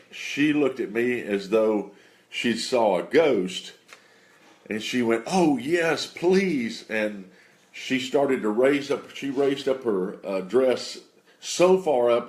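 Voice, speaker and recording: A man telling a personal faith testimony in an unhurried, halting way with many fillers. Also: medium pitch, darkish tone.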